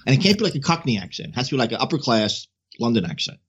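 A man's voice: medium pitch, sing-song, racing, breathy edge, muffled recording. A man from the United States, a guest analyst on a radio show, talking in a wry, joking way. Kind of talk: casual radio conversation.

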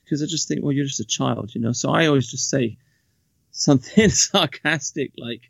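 A man's voice: a little high, normal speed, vocal fry, fairly bright tone, no room sound. A man talking in casual podcast chat, rambling with many restarts and mocking asides. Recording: dull, lo-fi, dry sound.

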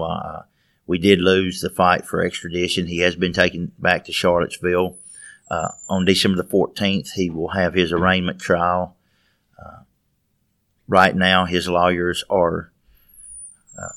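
A man speaking as a guest in an interview, measured and steady, with frequent hesitations. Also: deep voice, gravelly, dry recording, studio quality. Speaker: guest, father of the subject. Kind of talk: interview answers.

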